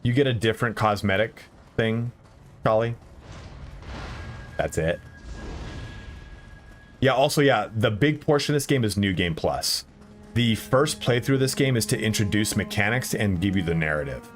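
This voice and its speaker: A man with a lowish voice and lively intonation streams a video game, chatting casually with viewers at a normal speed, leaving long pauses, and swearing whenever the game beats him. Faint game music plays behind his live-stream commentary.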